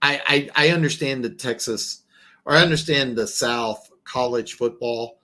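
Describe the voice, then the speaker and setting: A man's voice: medium pitch, a little slow, pushed and bright. A man from the American South hosting a casual football talk show, rambling and restarting his sentences. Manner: rambling, frequent restarts and repeated words. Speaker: host.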